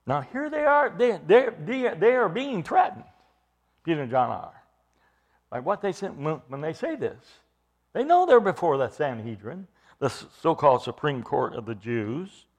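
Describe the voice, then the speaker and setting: A man's voice: fairly high pitch, very animated, normal speed. A man preaching an expository sermon, emphatic, repeating phrases for stress and putting questions to his listeners.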